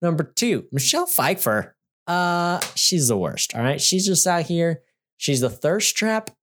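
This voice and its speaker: Lively sarcastic man ranting about a movie. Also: on the high side, a little slow, a little hiss or hum. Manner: animated, sarcastic, keeps asking "all right?" and "okay?". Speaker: podcast co-host. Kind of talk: casual movie review rant.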